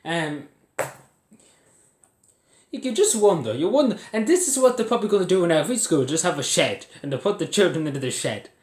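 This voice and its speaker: With a slightly high, mellow voice, the young Irishman is very animated and a little fast, yet leaves long pauses. He rants angrily to the camera at home, cursing and laughing bitterly at what he reports. The sound is echoey, from a phone or camera set on its side.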